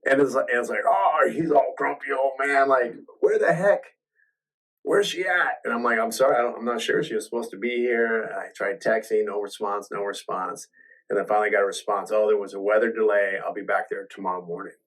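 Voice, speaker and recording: A man's voice: fairly low pitch, steady tone, fast, fairly bright tone, distant mic, low-quality recording. A man hosting a podcast, telling a personal story in a casual, rambling way, full of restarts and acted-out quotes. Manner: rambling, restarts often, acts out quoted voices.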